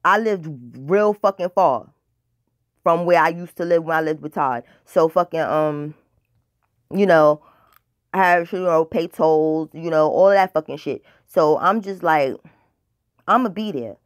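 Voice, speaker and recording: A woman's voice: deep voice, a little slow, no echo, clean studio sound. A woman telling a casual personal story in a blunt, profane, dramatic way, rambling with filler words. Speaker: storytime vlogger.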